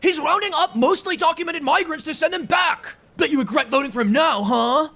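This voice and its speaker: A shrill, fast-talking liberal man in a comedy skit, put on by a man, taunting in a sing-song. The voice is pitched very high and rattles along quickly. It sounds bright and pushed. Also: heavily acted. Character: whiny high-pitched male liberal, indignant.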